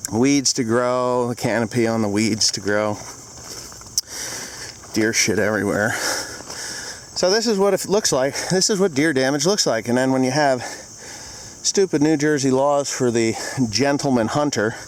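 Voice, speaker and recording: A middle-aged farmer man records a vlog outdoors, out of breath after a long walk. He rambles frankly at an ordinary pitch, with faint outdoor noise and insects behind him. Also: low-quality recording. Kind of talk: casual vlog, filming on a walk. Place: outdoors in fields.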